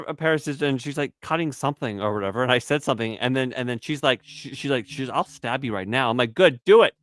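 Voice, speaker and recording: A man's voice: on the high side, a bit bright, dry recording, clean studio sound. A middle-aged man from Canada, telling rambling stories in casual chat, laughing often and acting out what others said. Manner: rambling storyteller, laughs a lot, acts out quotes.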